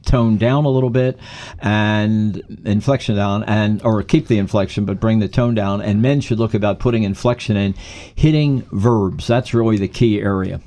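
In an interview, a man who coaches speaking lays out his ideas with emphasis, teaching and handing out advice as he chats. His voice sits on the low side, mellow, at a moderate pace.

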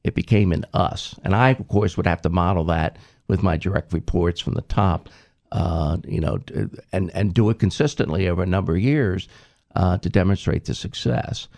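A man, a former government IT leader, explaining his approach in a measured, methodical way with frequent ums and restarts. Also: deep voice, creaky, a little mellow. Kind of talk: reflective interview answer.

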